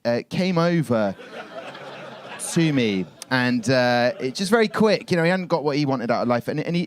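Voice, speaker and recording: A man doing a live stand-up set in a comedy club, rambling and self-mocking, laughing through his own lines and getting louder as his stories build. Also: medium pitch.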